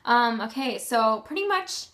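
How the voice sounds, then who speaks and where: A woman's voice: a little high, expressive, a little slow, a bit bright. A young woman vlogging in a casual, rambling way, full of ums and self-corrections. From Canada. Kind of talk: casual chat.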